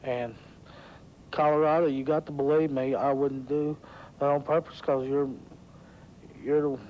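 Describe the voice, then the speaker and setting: A male wrestler speaks in a sheepish, apologetic way. His voice is a bit high for a man. The audio is dull old TV sound with a faint rumble behind it. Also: little pitch movement, unhurried.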